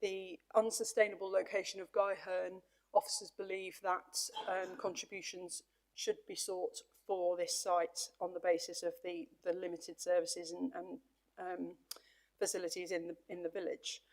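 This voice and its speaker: A woman presenting a planning report to a council committee in a measured, formal way, with a few hesitant repeats. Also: fairly low pitch, little pitch movement, a little mellow. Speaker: planning officer. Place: council meeting chamber.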